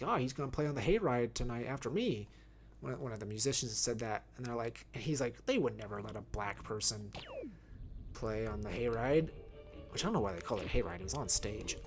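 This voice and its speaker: A man talking casually while playing a video game, rambling and correcting himself as he thinks aloud, wearing headphones. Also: mid-range voice. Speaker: video game streamer reviewing films. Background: faint game music.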